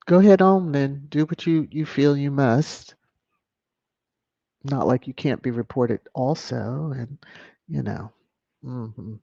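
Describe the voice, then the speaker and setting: A woman's voice: rumbling low, creaky, warm tone, breathy edge, no echo. A woman hosting a celebrity news commentary vlog, sassy and emphatic, repeating phrases for effect. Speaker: vlog host. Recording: dry, dull lo-fi sound.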